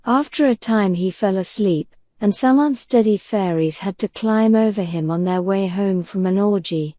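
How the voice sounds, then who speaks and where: Soft-spoken woman reading a bedtime story. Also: mid-range voice, no room sound. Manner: gentle, unhurried, soothing. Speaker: audiobook narrator.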